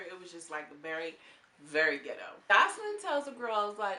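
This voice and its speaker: A woman giving a chatty, laughing recap of a reality show, animated and full of asides. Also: on the low side, a little fast, slight background noise. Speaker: show reviewer. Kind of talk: casual gossip recap. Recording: echoey room.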